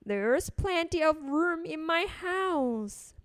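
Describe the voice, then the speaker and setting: A woman voicing a fretful little old lady who pleads and complains in a drawn-out sing-song. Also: very high voice, animated, no echo, clean studio sound, full character voice. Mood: relieved, delighted.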